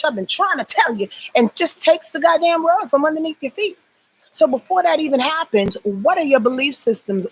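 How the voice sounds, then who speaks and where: A woman hosting her astrology channel speaks in a husky, breathy voice with middle pitch. She talks emphatically and preaches in a loose, profane, conversational way. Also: low-quality recording. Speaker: astrologer and YouTube host. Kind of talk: casual livestream talk.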